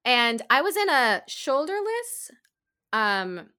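A young woman telling a story in a bright, fairly high voice. She swings widely up and down in pitch, giggling and dropping "like" into almost every phrase in an easy chat. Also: takes it slowly, smooth. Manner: animated, giggly, lots of "like". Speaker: podcast co-host.

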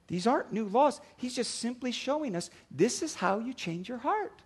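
A man preaching a sermon as a pastor, swinging from quiet reflection to loud acted-out dialogue. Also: extremely high pitch, lively intonation, normal speed, slightly rough. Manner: dynamic preaching, acts out dialogues with rising volume.

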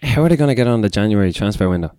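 A man's voice: lowish voice, expressive, racing, mellow, smooth, no echo, studio quality. A man co-hosting a casual radio show in easygoing chat. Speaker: radio co-host.

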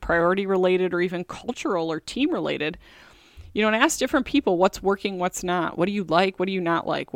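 A woman's voice: mid-range voice, no echo, studio quality. A middle-aged woman hosting a podcast, talking in a chatty, candid way with many fillers. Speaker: podcast host. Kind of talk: casual solo podcast talk.

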